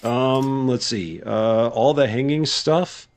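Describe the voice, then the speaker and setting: A man's voice: medium pitch, slow, a little mellow. A man giving casual live gameplay commentary as a streamer, chatty and good-humored, thinking aloud. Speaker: game streamer.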